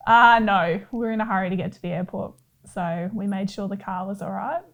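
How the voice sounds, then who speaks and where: A woman footballer with an Australian accent, telling stories in animated casual chat and laughing often. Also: medium pitch, fairly quick. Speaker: footballer guest.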